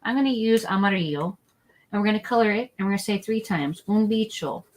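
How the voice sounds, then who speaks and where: Lady teacher running a family lesson online, chatty, says every word slow and over again. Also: medium pitch, low-quality recording. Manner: chatty, repeats words slowly for learners. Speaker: Spanish teacher. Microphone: document camera setup, desk mic.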